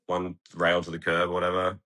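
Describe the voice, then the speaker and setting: Deep, bright-toned Australian man. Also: monotone, a little fast. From Tasmania, Australia. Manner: laid-back, swears often, laughs through his story. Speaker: guest skateboarder. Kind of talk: casual interview storytelling. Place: podcast studio.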